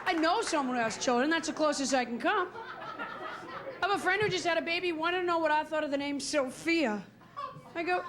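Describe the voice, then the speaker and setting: A woman's voice: sits high, a little fast, a crowd in the background. A woman doing stand-up comedy as emcee, talking straight to the audience. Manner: chatty, talks straight to the audience. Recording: live club set with audience and hiss. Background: audience laughter.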